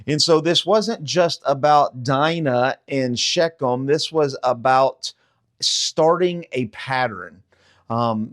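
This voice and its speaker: A man giving a casual daily Bible teaching, talking conversationally with frequent fillers and rhetorical questions. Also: medium pitch.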